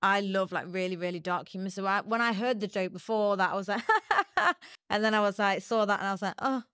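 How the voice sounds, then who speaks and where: A woman guest tells stories at length on a podcast, rambling, adding quick asides and laughing easily. Her voice sits at an ordinary middle pitch for a woman. The sound is dry and close to the mic. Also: steady tone, a bit bright, clear, resonant tone, dry recording. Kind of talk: casual chat.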